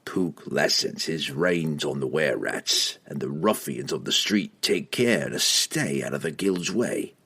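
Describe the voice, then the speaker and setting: A grim male assassin, voiced by a man reading an audiobook, talks slowly and quietly in a deep, husky voice. Every line comes out cold and menacing. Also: lively intonation, exaggerated voice.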